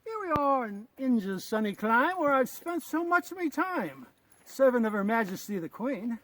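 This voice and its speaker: A blustering, pompous colonial officer, as a man puts him on, in a put-on English accent. His voice sits far higher than a normal speaking voice and comes out loud and exclaiming, in the manner of a comedy sketch. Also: sing-song, normal speed, dry recording, heavily acted.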